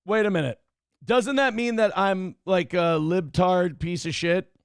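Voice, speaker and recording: A middle-aged man hosts a livestream morning show, brash and taunting as he reads out donations. His voice sits high and has a gravelly rasp. The sound is dry and close. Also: measured pace, no echo. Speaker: host.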